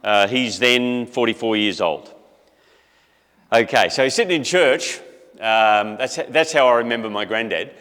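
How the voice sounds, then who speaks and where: A man's voice: mid-range voice, unhurried, a bit bright, clean tone, in a large hall. A middle-aged man, telling a story in a casual, conversational talk full of asides. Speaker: speaker.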